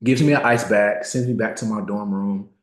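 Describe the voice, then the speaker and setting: A man's voice: fairly low pitch, fairly even intonation. Emphatic motivational speaker man, roomy echo. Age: 30s. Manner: emphatic, slows down to stress key words. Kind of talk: motivational talk with personal story.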